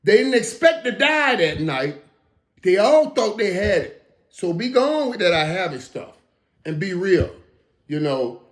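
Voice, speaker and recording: A man's voice: very animated, unhurried. Emphatic middle-aged man in an echoey room. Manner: emphatic, stammering restarts, drops to low mutters. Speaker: host. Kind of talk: casual reaction monologue. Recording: roomy echo.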